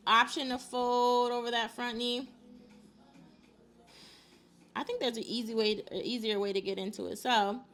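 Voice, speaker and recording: A woman's voice: fairly high pitch, bright, forceful tone. A woman guiding a stretching class in an upbeat, chatty way, often laughing as she talks. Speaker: fitness instructor.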